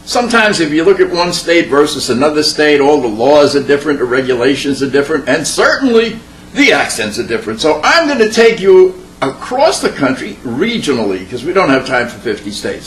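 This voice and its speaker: Male comedian, playful stand-up, high lively voice, echoey room. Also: moderate pace. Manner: playful, chatty storytelling. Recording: echoey room with faint hum.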